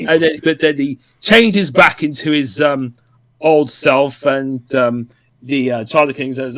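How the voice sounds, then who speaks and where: A man casually recapping a comic for a podcast, pausing often with ums and acting out short quoted asides. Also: mid-range voice, fairly bright tone. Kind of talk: casual chat.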